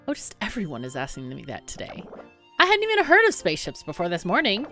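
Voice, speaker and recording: A woman's voice: mid-range voice, wildly swooping pitch, quick pace, pushed and bright, soft background music. A woman voicing a chatty, motherly female fruit villager in a cartoonish video game, reading the lines plainly and folksy. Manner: friendly, folksy, read aloud plainly.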